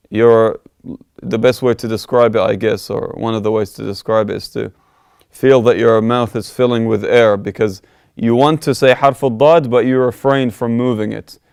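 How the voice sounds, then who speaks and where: A man's voice: fairly low pitch, creaky, clean tone, no room sound, studio quality. A man teaching a recitation lesson, patiently explaining and demonstrating how each word should sound. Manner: calm, patient, repeats words to contrast right and wrong sounds.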